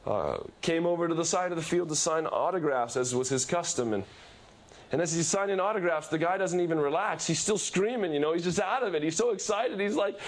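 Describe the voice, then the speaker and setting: A male preacher with a fairly high voice delivers a sermon. He tells his story emphatically and repeats key phrases for weight. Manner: emphatic storytelling, repetitive, lively shifts in pitch.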